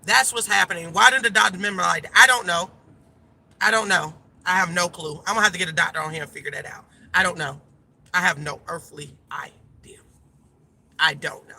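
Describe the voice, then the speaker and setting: A woman's voice: mid-range voice, gravelly, pushed and bright, a little hiss or hum. A woman life coach talking casually and emphatically to her viewers from a car, calling them y'all. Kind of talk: casual direct-to-camera chat.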